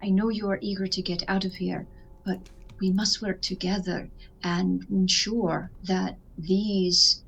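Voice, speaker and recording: A woman voicing a female adventurer who calmly reassures a captain and a group of prisoners. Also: mid-range voice, unhurried, vocal fry, lo-fi sound, a little hiss or hum. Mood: earnest, reassuring.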